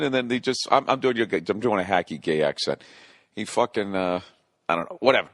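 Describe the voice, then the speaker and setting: A man's voice: fairly low pitch, brisk, fairly bright tone, dry recording. A man in his forties hosting a solo comedy podcast, ranting profanely and rambling, scolding himself back on topic. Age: 40s. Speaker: podcast host.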